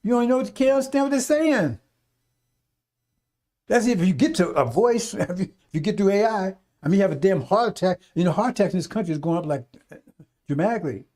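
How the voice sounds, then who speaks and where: In unscripted talk on a radio stream, a radio preacher speaks fairly quickly in a high-pitched, animated voice with a darkish tone. His folksy rambling includes scolding and occasional mockery of people in put-on voices.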